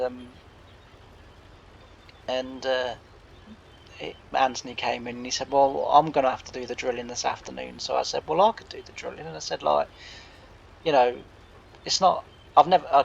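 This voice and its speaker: A man's voice: mid-range voice, creaky, dull audio. Bloke rambling thru an old farm story, lots of "he said, i said", bit of faint hiss behind. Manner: chatty, meandering, lots of reported speech. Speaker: farming game channel host.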